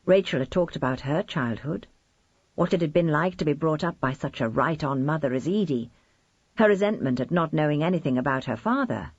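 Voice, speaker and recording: A woman narrating an audiobook in a measured, expressive storytelling manner. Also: low voice, slightly rough, no room sound. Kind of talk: scripted narration. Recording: slightly dull lo-fi recording.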